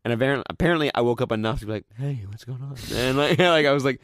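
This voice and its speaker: A man's voice: mid-range voice, very fast, fairly bright tone, no room sound, studio quality. Rambling young man telling a story. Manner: rambling, full of "like", acts out his own quotes. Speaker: podcast host. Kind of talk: casual chat, storytelling.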